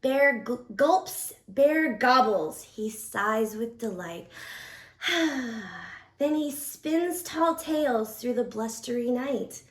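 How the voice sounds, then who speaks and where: A woman working as a children's librarian, reading a picture book aloud in a playful, expressive way. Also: a little high, slow pace, hardly any pauses. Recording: echoey room.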